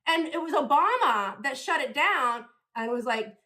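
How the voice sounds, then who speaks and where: A woman's voice: sits high, expressive, normal speed, pushed and bright. A woman comedian and podcast host delivering a rambling, profane, provocative stand-up rant.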